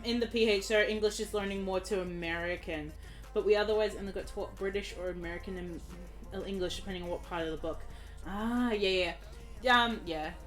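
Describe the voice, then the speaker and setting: A woman's voice: medium pitch, fairly bright tone. A young Australian woman streaming a game, chatting casually in a giggly, rambling way. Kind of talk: casual chat while gaming.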